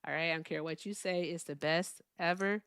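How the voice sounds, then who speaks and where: A woman's voice: fairly low pitch, fairly even intonation, a little fast, a bit bright, clear, resonant tone, dry recording, clean studio sound. A woman doing a half-whispered impression of a boastful, whiny older male politician who keeps repeating "all right?". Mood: boastful, whining.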